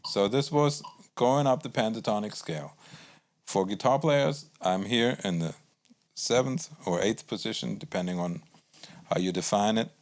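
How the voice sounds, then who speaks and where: A man teaching a guitar lesson in a calm, explanatory way, counting beats aloud as he plays. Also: lowish voice, normal speed. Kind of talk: instructional music lesson.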